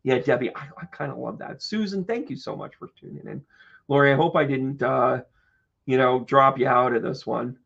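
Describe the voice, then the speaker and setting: A man's voice: medium pitch, normal speed, creaky, fairly bright tone, slightly rough, highs cut off. A man doing a live-streamed tarot reading as its host, exclamatory and joking, swearing freely and greeting viewers by name. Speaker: tarot reader and medium.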